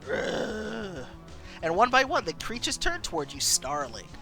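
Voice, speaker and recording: A woman streamer reading a story game aloud and chatting between scenes, animated. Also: fairly low pitch, a little fast, soft background music.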